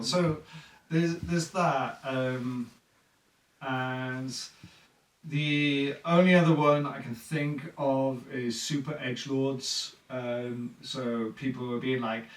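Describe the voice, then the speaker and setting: A man's voice: medium pitch, fairly even intonation, takes it slowly, reverberant, far from the mic, poor audio. A man chatting casually on a podcast about running tabletop games, rambling with lots of fillers and acting out players' lines. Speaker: dungeon master guest.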